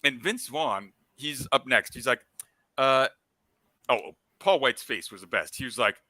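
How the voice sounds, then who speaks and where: A man with a strikingly bright, forceful voice rambles through gaming anecdotes, stacking up fillers and excited asides. The sound is close and very dry, with no room around it. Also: medium pitch, measured pace, no room sound. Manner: excitable and animated when retelling. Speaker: special guest on a gaming talk show. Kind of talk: casual storytelling chat.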